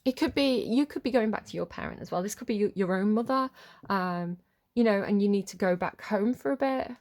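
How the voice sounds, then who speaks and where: A woman with a medium-pitched, darkish voice gives a casual tarot reading, rambling, getting easily distracted and apologizing often. Between her asides, she reads card text aloud more slowly.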